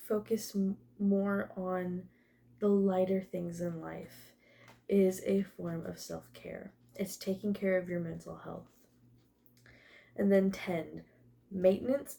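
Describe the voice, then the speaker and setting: A woman's voice: fairly low pitch, vocal fry, mellow. A young woman doing a casual tarot and oracle card reading, emotional, laughing often and swearing now and then. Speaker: tarot reader.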